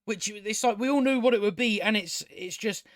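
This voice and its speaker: A man's voice: sits high, normal speed, a bit bright, dry recording, studio quality. A man giving a casual, ranting review of a show, blunt, sarcastic and profane, often restarting his sentences.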